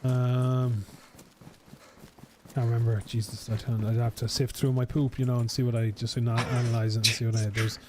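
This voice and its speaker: A man chats through a casual game stream, rambling and joking with friends and his chat. His voice sits at an ordinary middle pitch. A faint noise runs under the recording. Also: flat delivery, fairly quick.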